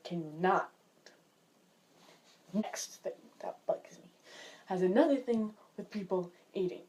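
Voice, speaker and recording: A woman with a mid-range voice chats casually in a vlog, sounding exasperated and packing her talk with "like." There's noise in the background.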